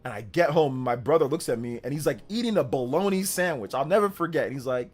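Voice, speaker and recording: A man in his thirties hosts a livestream and tells a story in casual talk. His pitch swings widely as he acts out the moments. Faint music plays under his voice. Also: quick pace. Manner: animated, with exaggerated voices for quoted people. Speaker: livestream host.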